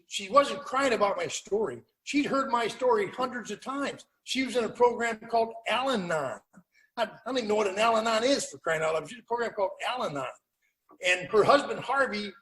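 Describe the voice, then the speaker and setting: A man's voice: very high-pitched, fairly bright tone, poor audio. An older man speaking at a recovery meeting over a video call, telling his story in a plainspoken, wry way.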